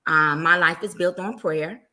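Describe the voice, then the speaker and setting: Bright-voiced middle-aged woman evangelist. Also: fairly low pitch, a little slow. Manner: animated storytelling, acting out everyday quotes. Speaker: guest evangelist. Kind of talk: casual faith testimony.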